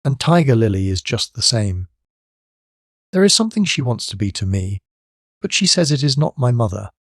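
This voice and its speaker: A man's voice: mid-range voice, sing-song, normal speed, dry recording, clean studio sound. A man reading the part of a carefree boy who turns frank and a little anxious, in an audiobook. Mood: puzzled. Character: boyish lad, carefree, puzzled and anxious.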